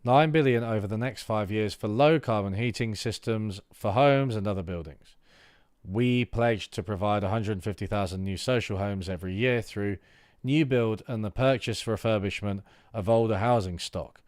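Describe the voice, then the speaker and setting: Low-voiced man reading aloud. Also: moderate pace, darkish tone, no room sound, clean studio sound. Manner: reads text aloud, then breaks off into loose asides with fillers. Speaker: streamer reading political manifestos. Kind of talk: livestream reading aloud with commentary.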